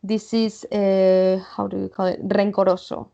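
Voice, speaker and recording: Slow Spanish-accented woman teaching English. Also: mid-range voice, flat delivery, vocal fry, dark tone, highs cut off. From Spain. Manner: explains vocabulary slowly, repeats words and checks with "okay?". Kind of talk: online English lesson. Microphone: computer mic.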